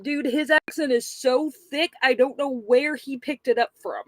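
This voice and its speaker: High-voiced Texan woman, chatty. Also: normal speed, hardly any pauses, no room sound. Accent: light Texas. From Texas. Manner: chatty, laughs a lot, self-deprecating. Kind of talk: casual chat.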